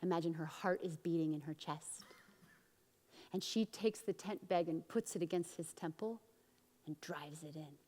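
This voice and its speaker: A woman pastor preaching a sermon and telling a story, acting out the quotes with big swings from loud to soft. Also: fairly low pitch, moderate pace, big-room sound. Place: church.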